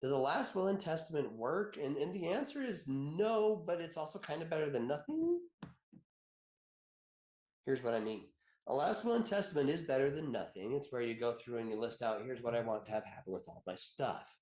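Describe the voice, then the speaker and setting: A man's voice: a little high, sing-song, moderate pace, a little mellow, echoey room. A man in his thirties, an attorney giving a conversational webinar, chatty and joking, telling personal stories and laughing often.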